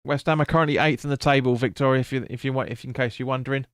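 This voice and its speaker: A man's voice: mid-range voice, fairly even intonation, very fast, no room sound, studio quality. A man streaming a football watch-along, calling the play and answering chat bluntly with swearing. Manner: blunt, sweary, chatty with viewers. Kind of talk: live match commentary and chat reading.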